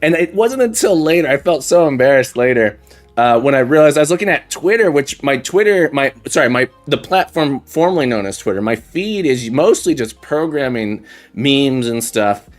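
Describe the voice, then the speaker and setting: A man's voice: medium pitch, animated, moderate pace. A man hosting a live coding stream, thinking aloud as he types and chatting with viewers in a self-deprecating way. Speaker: livestream coding host. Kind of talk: casual live-coding chat. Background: faint background music and keyboard typing.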